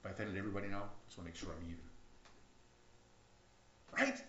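A deep, steady, bright and forceful male voice preaches quickly. The pastor keeps his sermon conversational, with frequent restarts and outcries that climb, all heard through an echoey, dull lo-fi church recording.

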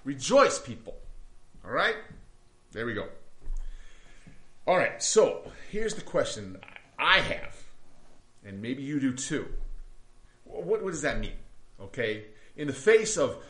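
A man's voice: medium pitch, very animated, slow pace, pauses often, a bit bright, echoey room. A man preaching a sermon to his congregation, talking conversationally with frequent restarts and rhetorical questions. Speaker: pastor.

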